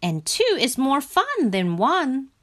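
A woman voicing a small, eager young male frog who pleads and whines in a high, excited voice. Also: takes it slowly, exaggerated voice. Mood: eager, pleading.

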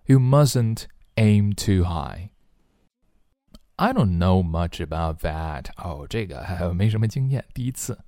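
A man teaching English phrases in a slow bilingual drill. He repeats each phrase and explains it in Chinese, acting out its feeling. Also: low voice, expressive, warm tone, no room sound, clean studio sound.

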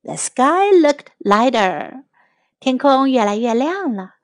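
A woman teacher reading a children's story aloud in two languages, clear and expressive. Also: high voice, no room sound. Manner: clear, expressive, slow English then Chinese.

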